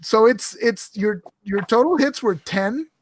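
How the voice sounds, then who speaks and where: Chatty laughing game master. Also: male voice, high voice, a little slow, slight background noise. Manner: chatty, laughs often, restarts sentences. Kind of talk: casual tabletop game chat.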